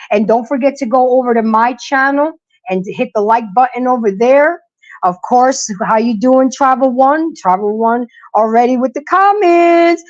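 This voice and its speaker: A middle-aged woman hosting a casual livestream, talking emphatically and preaching to her viewers while greeting the chat. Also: medium pitch. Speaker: livestream host. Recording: lo-fi dull audio.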